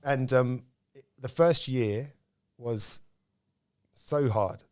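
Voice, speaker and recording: A man's voice: medium pitch, extremely slow, a little mellow, no room sound, studio quality. A man, speaking as a podcast guest and telling candid stories about his own life in casual conversation. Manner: candid storytelling, reflective.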